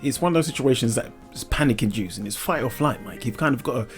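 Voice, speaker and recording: A man's voice: mid-range voice, lively intonation, fast talker, soft background music. A man co-hosting a comedy podcast, joking in a playful, laughing way. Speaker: podcast co-host. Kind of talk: casual comedy chat.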